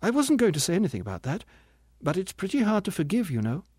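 A man's voice: sits high, wildly swooping pitch, quick pace, darkish tone, slightly rough, dry recording, pitched above the performer's own voice, exaggerated voice. A male narrator voicing a grieving woman's ghost who speaks sharply and reproachfully in an audiobook. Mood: indignant, bitter. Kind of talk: audiobook character reading.

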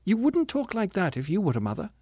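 A man's voice: sits high, wildly swooping pitch, quick pace, slightly rough, dry recording, clean studio sound, pitched above the performer's own voice, heavily acted. A man voicing a bitter, demanding woman's ghost. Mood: indignant, bitter. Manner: sharp, impatient and reproachful. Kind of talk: audiobook character reading.

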